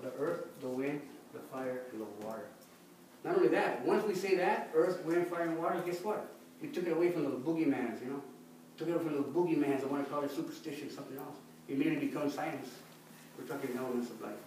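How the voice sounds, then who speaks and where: A man's voice: on the high side, a little mellow, a little hiss or hum. A man giving a folksy talk, leading the audience in call-and-response chanting. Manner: folksy, repeats "you know", leads the audience in call-and-response. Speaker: speaker teaching Aztec calendar names. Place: record shop event space. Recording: echoey room recorded from a distance.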